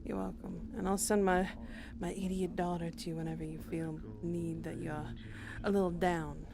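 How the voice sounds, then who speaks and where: A woman's voice: fairly low pitch, flat delivery, normal speed, vocal fry, noisy background. A woman doing in-character voice roleplay in a tender, tearful way. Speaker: streamer playing her roleplay character.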